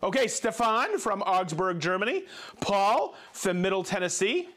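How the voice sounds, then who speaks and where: A man hosting a livestream, reading out viewer shout-outs in a playful, jokey way and laughing easily. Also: high-pitched, expressive, measured pace. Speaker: host.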